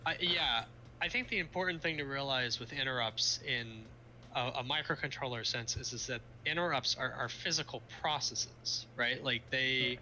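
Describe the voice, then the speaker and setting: A man's voice: medium pitch, moderate pace, pushed and bright. A young man streaming live, chatting casually about circuits, laughing often and trailing off mid-sentence. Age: young adult. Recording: faint background noise.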